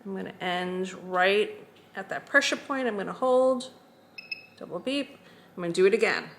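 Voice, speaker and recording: A woman teaching a skincare routine, calmly talking through each step as she demonstrates it. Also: medium pitch, normal speed. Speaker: skincare instructor.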